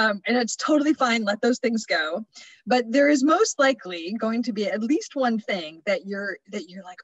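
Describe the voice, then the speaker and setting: Woman running a webinar, kinda high voice, chatty w lots of ums, dry close sound. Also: lively intonation, moderate pace, dry recording, highs cut off. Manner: chatty, many fillers and restarts. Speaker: workshop presenter. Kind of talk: casual webinar presentation.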